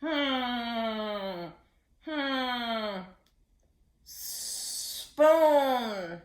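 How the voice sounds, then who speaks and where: A woman voicing a friendly little frog puppet who croaks and answers in short guesses. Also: medium pitch, sing-song, very slow, sharp tone, echoey room, pitched above the performer's own voice, exaggerated voice. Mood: pondering.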